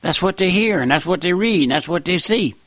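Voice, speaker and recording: A man's voice: sits high, expressive, brisk, fairly bright tone, dry recording. A man preaching a sermon in an emphatic old-time style, repeating phrases for weight.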